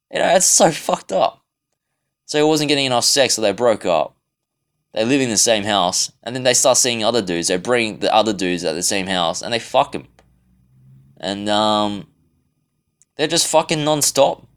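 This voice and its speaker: A man's voice: medium pitch, a bit bright, clean tone. A man in a casual self-recorded monologue, ranting in a rambling, profane way with frequent restarts. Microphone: self-recorded device.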